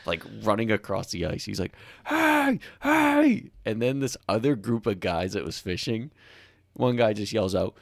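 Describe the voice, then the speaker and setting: A man's voice: on the low side, moderate pace, vocal fry, dry recording, clean studio sound. A man co-hosting a casual podcast chat, telling stories with energy and acting out the people he quotes. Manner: animated storyteller, acts out shouted quotes. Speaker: podcast co-host.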